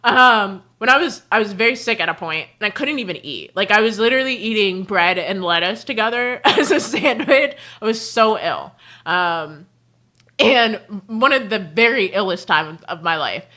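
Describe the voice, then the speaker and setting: A young adult woman hosting a livestream, telling family stories in a casual, animated way and laughing often mid-sentence. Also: mid-range voice, moderate pace. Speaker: livestream host. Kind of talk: casual storytelling chat.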